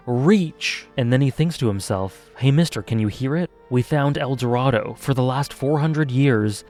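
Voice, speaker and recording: Earnest guy doing a video review, passionate, normal mid voice, soft music under it. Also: mid-range voice. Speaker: anime reviewer.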